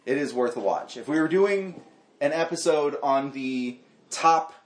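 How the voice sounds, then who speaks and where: Animated male podcast host in echoey room. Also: on the high side, unhurried. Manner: animated, laughs easily, trails off in restarts. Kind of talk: casual podcast banter. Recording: roomy echo.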